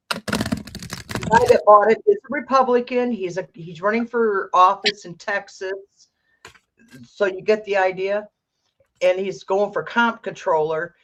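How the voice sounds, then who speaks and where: Her voice is lowish and a touch bright as this psychic runs a tarot livestream. Chatting casually, she rambles, restarts often and rants with bluntness, all over dull, lo-fi stream sound.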